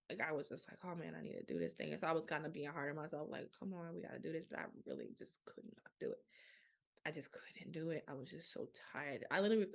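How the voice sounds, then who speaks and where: Podcast host, young woman, low gravelly voice, blunt and animated. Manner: frank, animated storytelling with colloquial speech. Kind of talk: candid casual monologue.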